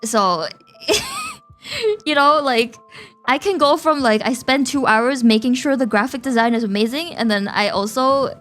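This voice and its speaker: A woman's voice: a little high, normal speed, fairly bright tone, faint music behind. A young woman VTuber streamer chatting casually with her viewers, giggly and talkative, often laughing between phrases.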